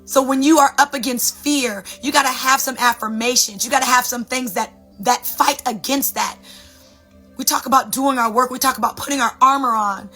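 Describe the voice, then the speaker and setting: Super animated woman preaching about affirmations, bright sharp voice kinda husky, faint music behind. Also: high voice, normal speed. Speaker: sound bowl healer. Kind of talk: motivational spiritual talk.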